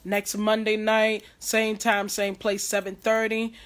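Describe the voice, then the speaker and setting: A hoarse woman hosting a live stream, giving earnest, preachy advice in a casual way. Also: mid-range voice, monotone, a little slow. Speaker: host. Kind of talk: casual livestream talk.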